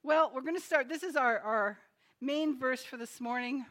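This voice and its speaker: Woman, pastor, sermon, chatty, laughing, fairly high voice. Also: normal speed, fairly bright tone. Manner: chatty, laughs often, tells jokes.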